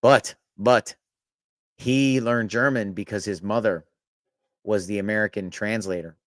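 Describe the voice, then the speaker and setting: Rambling, low-voiced man telling stories. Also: fairly even intonation, unhurried, a bit bright, dry recording, studio quality. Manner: rambling anecdotes with frequent laughs and profanity. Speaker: podcast co-host. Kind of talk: casual storytelling chat.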